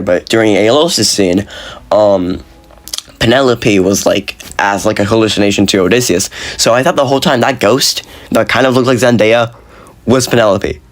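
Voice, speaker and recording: A man giving a casual, frustrated video review, talking fast and excitedly with lots of slang and fillers, his voice jumping up when he is exasperated. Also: lowish voice. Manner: animated, voice jumps up when exasperated. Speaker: movie reviewer.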